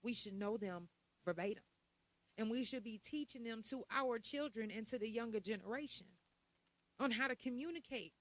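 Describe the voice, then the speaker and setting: A woman's voice: a little high, moderate pace, a bit bright, dry recording, rough recording. Middle-aged woman hosting a casual podcast. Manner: conversational, full of rhetorical questions and asides. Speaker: podcast host.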